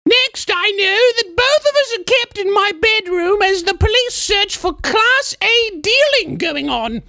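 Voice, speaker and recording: Man putting on a high prim English woman. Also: very animated, unhurried, sharp tone, no echo, clean studio sound, exaggerated voice. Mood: prim recounting. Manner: prim, plummy. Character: posh young English woman writing in.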